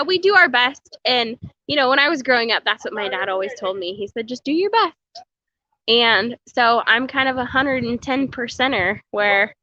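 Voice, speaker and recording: A chatty woman livestreaming from a meal kitchen, reading comments aloud and rambling with frequent laughter. Her voice sits a bit high and comes across bright and forward. The stream audio is dull and lo-fi. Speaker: homesteading vlogger on a livestream.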